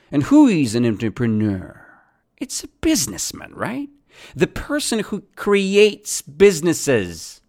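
Slow, lively question-drilling English teacher. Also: mid-range voice. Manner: asks and answers own questions, repeats key words, non-native grammar.

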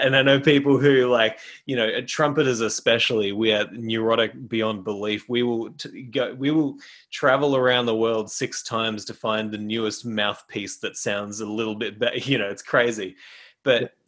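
A man hosting a casual interview, chatty and relaxed, who plays the trumpet. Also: medium pitch, normal speed. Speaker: podcast host and trumpeter.

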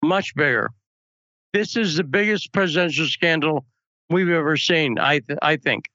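A man's voice: a little high, moderate pace, pushed and bright, dry recording, dull audio. A man hosting a political talk show, chatting casually and telling anecdotes. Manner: chatty, storytelling asides.

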